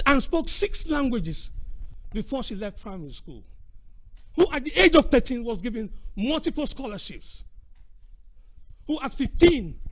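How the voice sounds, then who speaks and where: A middle-aged man giving an impassioned, preacherly conference speech, swinging from booming to hushed. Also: low-quality recording. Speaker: speaker at a conference.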